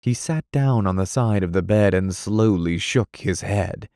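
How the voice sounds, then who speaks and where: A man narrating an audiobook in a measured, dramatic reading style. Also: deep voice, a little mellow, no echo, clean studio sound.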